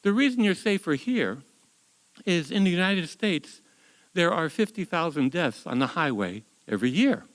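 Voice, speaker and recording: A man's voice: fairly high pitch, sing-song, moderate pace, voice pushed up, low-quality recording. An older man in his seventies voicing a stern, blunt male army colonel in a curt, lecturing way while telling a story on stage.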